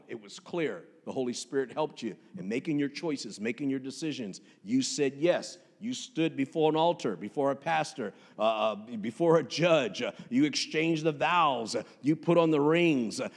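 A man's voice: fairly high pitch, long reverb tail. A man preaching a sermon as pastor, punchy and joking, with street slang. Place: church sanctuary.

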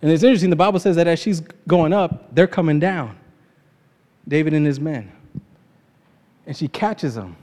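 A man's voice: fairly high pitch, moderate pace, long pauses, darkish tone. A man preaching an informal sermon, retelling a scripture story in his own casual words, with frequent laughs. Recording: long reverb of a large hall.

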